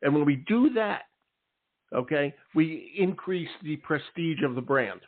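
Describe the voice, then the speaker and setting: A man's voice: fairly high pitch, lively intonation, unhurried. Emphatic male radio host, phone-like sound. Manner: emphatic, peppers talk with "okay?" and "all right". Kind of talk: casual interview talk. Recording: tinny phone-like line.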